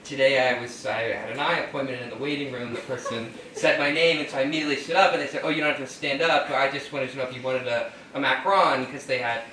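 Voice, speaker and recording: A man's voice: medium pitch, steady tone, quick pace, hardly any pauses, pushed and bright, far from the mic. A man doing improvised comedy as a contestant, telling a sheepish, self-deprecating story. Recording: echoey room picked up from afar.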